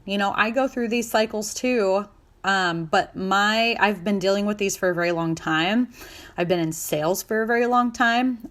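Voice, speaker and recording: A woman in her thirties hosting a solo podcast as a sales coach, talking in a chatty, upbeat way and acting out excited inner voices. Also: on the low side. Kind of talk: casual solo podcast talk.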